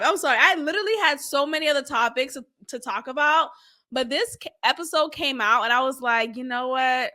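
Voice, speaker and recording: Woman host, high bright voice, animated commentary. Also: fairly quick. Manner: animated and expressive, acts out quotes. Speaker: podcast host reviewing an interview. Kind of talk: casual commentary.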